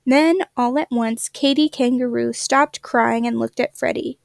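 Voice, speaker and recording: A woman reading a children's picture book aloud with gentle, expressive storytelling. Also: fairly high pitch, a little slow, gravelly, few pauses, no room sound, studio quality. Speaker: storybook reader.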